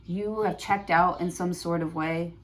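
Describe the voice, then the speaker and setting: A woman's voice: fairly low pitch, steady tone, unhurried, a little hiss or hum. Woman rambling through a tarot reading. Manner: rambling, thinking aloud with many fillers. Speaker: tarot reader. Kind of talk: prerecorded tarot card reading.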